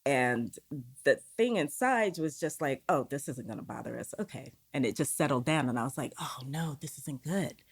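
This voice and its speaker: A woman's voice: very deep voice, animated, normal speed, husky. A woman guest on a podcast, telling a personal story in a candid way and acting out the inner voices she heard. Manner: acts out inner voices in quoted dialogue; candid, uses swearing.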